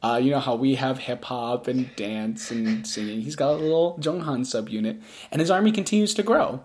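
A woman's voice: extremely low pitch, normal speed, darkish tone. A woman chatting casually as a podcast co-host, effusive and giggly. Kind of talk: casual fan chat.

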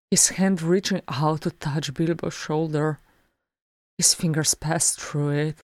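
A woman narrating a fan fiction audiobook in a slow, measured reading. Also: deep voice, a little mellow, no echo. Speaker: audiobook reader.

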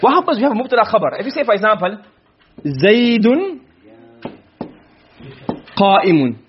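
A man's voice: high voice, animated, rapid-fire, highs cut off, a little hiss or hum. A man teaching a class on Arabic grammar, quizzing his students with frequent questions.

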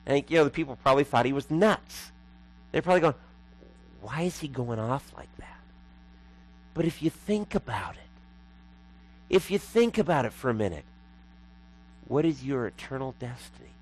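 A man's voice: mid-range voice, expressive, normal speed, pauses often, rough recording. A man preaching a sermon as pastor, emphatic and repeating lines for effect.

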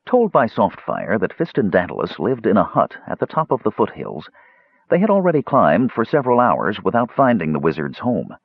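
A deep, husky male voice narrates a fantasy audiobook. His pitch rises and falls with plenty of movement. The recording is dry and slightly dull. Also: huge pitch swings, moderate pace, dry recording.

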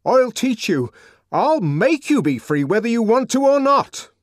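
A man voicing a furious young idealist outsider, shouting in a high, strained voice with raging, declamatory delivery. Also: big pitch swings, measured pace, dry recording, studio quality, heavily acted.

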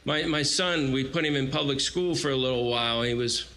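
A man's voice: medium pitch, fairly quick, rough recording. A man in his forties preaching a sermon, telling stories animatedly and acting out quotes. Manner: animated storytelling with acted-out quotes. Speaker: guest preacher.

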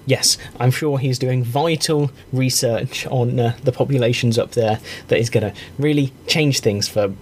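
A man's voice: medium pitch, normal speed, few pauses, a little hiss or hum. A man from Britain hosting a podcast, speaking earnestly and rambling a little with asides. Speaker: podcast host. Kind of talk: casual podcast chat.

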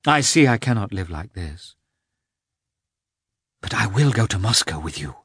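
A man's voice: lowish voice, big pitch swings, measured pace, fairly bright tone, slightly rough, no room sound, studio quality, heavily acted. A man voicing a passionate, anxious noblewoman in an audiobook, speaking in a raised, emotional and insistent way. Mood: pleading, agitated.

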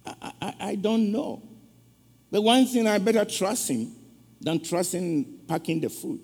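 A man with a high voice and a rough, gravelly edge preaches a sermon. He tells an emotional story and throws questions out to the congregation. His voice rings out with a long reverb in a big church sanctuary. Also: expressive, unhurried, a little mellow. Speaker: guest preacher.

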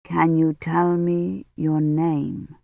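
A reader voicing a gentle, solemn medieval priest who murmurs Latin prayers slowly. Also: medium pitch, little pitch movement, gravelly, dry recording, voice pushed down. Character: gentle solemn medieval male priest giving last rites. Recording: dry tinny phone-like audio.

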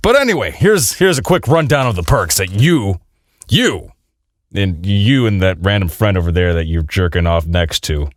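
A man's voice: deep voice, expressive, moderate pace, dry recording, clean studio sound. A man hosting his channel, rambling and swearing through a jokey self-promotion. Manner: out of breath at the end. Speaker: channel host. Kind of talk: casual self-promotion rant.

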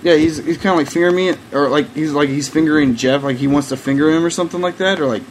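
A man's voice: a little high, fast talker, slight background noise, low-quality recording. A young man hosting a podcast, telling a rambling, profane story in casual chat with lots of "like" and frequent laughter. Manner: rambling, heavy use of "like", profane, laughing often. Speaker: podcast host.

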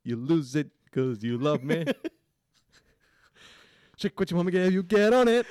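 Un hombre que imita un acento irlandés exagerado y recita letras de canción en tono cantarín y ruidoso. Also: male voice, on the high side, big pitch swings, takes it slowly, no echo, pitched above the performer's own voice. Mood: hammy. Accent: put-on Irish. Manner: loud, sing-song, hammy. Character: man hamming up a mock Irish accent while reciting song lyrics. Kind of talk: comic impression on a podcast.

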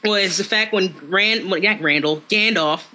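Young man, high bright voice, rambling anecdote teller, muffled sound. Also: normal speed. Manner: rambling, stumbles over words, laughs. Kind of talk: casual chat. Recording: dull lo-fi sound.

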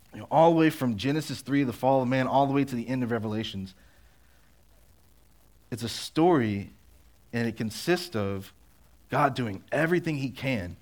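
Low-voiced man giving a chatty sermon. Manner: chatty, fillers of "like" and "um", slows to stress points. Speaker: youth pastor. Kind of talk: casual sermon.

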